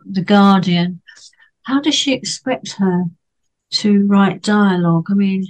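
Woman, book club panelist, casual discussion, chatty, hesitant, many fillers and restarts, mid-pitched voice. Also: darkish tone, rough recording.

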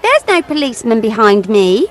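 Cheeky little girl, played by a woman: high, bouncy, teasing, sing-song delivery for a kids' story. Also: sing-song, normal speed. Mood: playful. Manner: bright, sing-song and playful. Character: cheeky young girl who teases machines. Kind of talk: children's audio story acting.

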